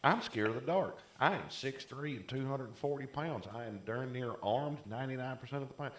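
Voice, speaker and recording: A man's voice: mid-range voice, a little fast, roomy sound. A man co-hosting a casual chat podcast, telling long rambling stories full of "like" fillers. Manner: rambling storyteller, many "like" fillers. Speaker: podcast co-host.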